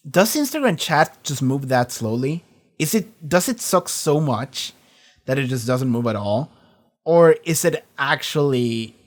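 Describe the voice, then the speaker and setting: A casual reaction host who talks in loose, looping sentences. The voice sits at a medium pitch and doubles back on its own words. Curse words come often and casually. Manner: rambling, animated, swears freely.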